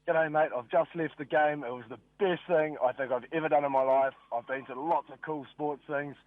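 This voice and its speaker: A man with a New Zealand accent calling into a radio show, talking in an excited way. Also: a little high, normal speed, no echo. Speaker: radio caller. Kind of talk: casual phone call. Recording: tinny phone line.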